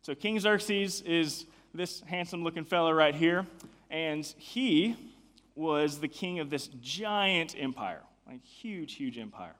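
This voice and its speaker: A man's voice: fairly high pitch, animated, slow, a bit bright. A young adult man giving a casual youth sermon in a chatty way. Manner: casual, chatty, many fillers. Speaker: youth pastor.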